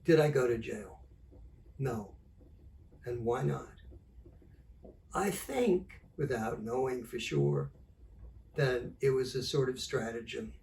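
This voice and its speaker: An older man, a journalist, telling an animated anecdote and acting out the dialogue. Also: mid-range voice, slow pace, gravelly, pauses often, distant mic, slight background noise. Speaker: journalist and author. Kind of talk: storytelling talk.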